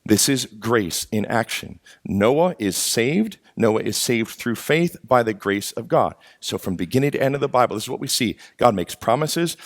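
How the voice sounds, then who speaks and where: A pastor preaching a sermon with emphatic, earnest delivery, repeating phrases to drive points home. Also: male voice, mid-range voice, no room sound, clean studio sound.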